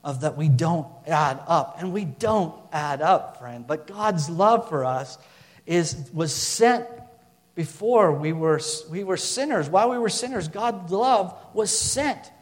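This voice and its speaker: A man's voice: a little high, lively intonation, slow, big-room sound. A man preaching a sermon, talking casually with fillers and restarts, then building to emphatic passages.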